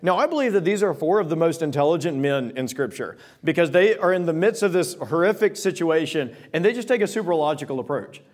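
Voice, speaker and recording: A man preaching a sermon, retelling scripture passages in casual modern words and reading the old verses slowly. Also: on the high side, expressive, darkish tone. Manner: reads King James verses slowly and solemnly. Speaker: pastor.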